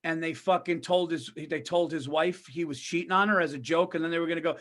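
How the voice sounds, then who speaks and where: A man's voice: a little high, fast talker, hardly any pauses. A man co-hosting a podcast, telling stories animatedly and profanely in casual chat. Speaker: podcast co-host.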